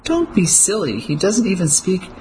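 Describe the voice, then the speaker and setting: A narrator voicing a frightened but defiant Englishwoman who protests in brisk words. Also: medium pitch, wildly swooping pitch, a little mellow, a little hiss or hum, voice pushed up, low-quality recording. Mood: alarmed.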